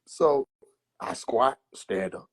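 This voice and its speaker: A man's voice: mid-range voice, slow, slightly rough. Laughing man telling profane childhood stories. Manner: animated, profane, laughs between lines. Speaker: comedian livestreamer. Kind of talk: casual comedic storytelling. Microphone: phone.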